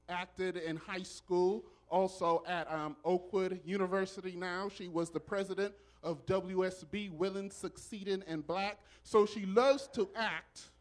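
A man who is a pastor, speaking in church in a preacherly style with loud exclamations and call and response. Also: high voice. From Southern California. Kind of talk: church welcome speech. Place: church sanctuary.

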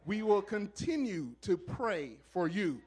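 A man who is a pastor, speaking in church in a preacherly style with loud exclamations and call and response. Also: sits high, big pitch swings, slow, slightly rough. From Southern California. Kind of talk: church welcome speech. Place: church sanctuary.

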